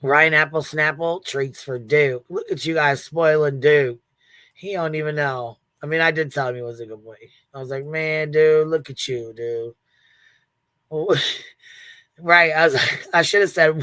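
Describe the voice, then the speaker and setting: On a casual livestream, a woman with a low-pitched voice speaks unhurriedly and close to the mic, with a dry, dead sound and no room noise. She's blunt and profane, laughs a lot, and retells events with lively asides, acting out what other people said.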